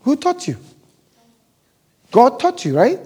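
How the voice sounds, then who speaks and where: A male preacher delivers a sermon in a notably high voice with a soft, mellow tone. He keeps turning to his listeners with rhetorical questions and answers them himself. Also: huge pitch swings, slow pace, slightly rough. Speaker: pastor.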